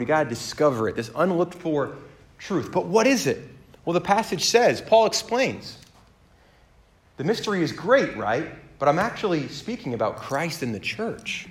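Animated man preaching a sermon. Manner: animated storyteller, acts out dialogue with big pitch jumps. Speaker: pastor.

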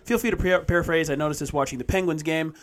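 A man co-hosting a podcast, reading a listener question aloud in a steady, plain way with small stumbles. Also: fairly high pitch, fast talker.

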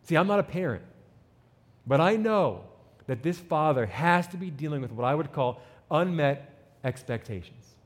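A man preaching a sermon with an animated delivery, reading scripture and acting out the people in it. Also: on the high side, moderate pace, big-room sound. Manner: animated preaching, reads scripture and acts out quotes. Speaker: pastor.

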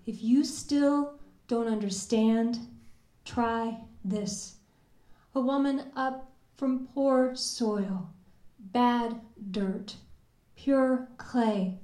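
A woman from recites her poetry at a very unhurried pace. She lingers on each word, and her voice sits slightly high. The recording rings with the echo of the room. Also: fairly even intonation, dark tone. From Kentucky. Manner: measured, deliberate, lingering on words. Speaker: poet. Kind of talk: spoken word poetry performance. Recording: echoey room.

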